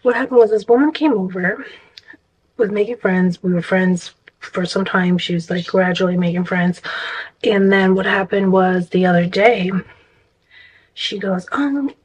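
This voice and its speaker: A woman's voice: mid-range voice, fairly even intonation, normal speed, slight background noise, rough recording. A woman vlogger telling a story in casual, rambling chat, exasperated and full of restarts.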